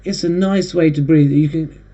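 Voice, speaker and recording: A man hosting a casual monologue, rambling and halting with frequent restarts. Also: fairly high pitch, steady tone, dark tone. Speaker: host. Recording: dull lo-fi recording.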